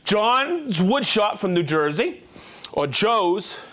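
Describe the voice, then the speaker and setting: Brief: male live-stream host, high-pitched, upbeat and jokey, rattles off viewer shout-outs. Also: very animated. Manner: upbeat, quick, jokey, greets viewers by name and town.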